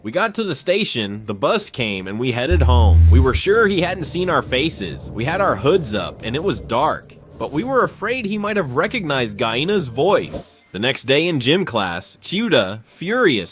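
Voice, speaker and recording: A man narrating comic school stories in a lively, slangy storytelling manner. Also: fairly high pitch, slightly rough.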